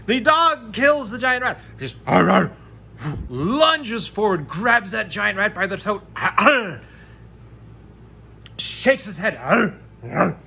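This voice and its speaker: A man narrating a solo tabletop game, chatty and animated as he rolls dice aloud. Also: very high voice. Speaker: game master playing solo.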